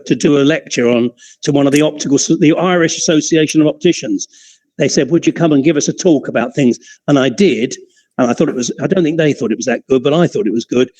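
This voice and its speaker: A male lecturer with a middle-pitched voice talks students through worked problems in a loose, conversational tone. He wanders off into anecdotes and often restarts his sentences. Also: darkish tone, rough recording. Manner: chatty and digressive, with frequent restarts and chuckles. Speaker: optics lecturer. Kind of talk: informal classroom teaching.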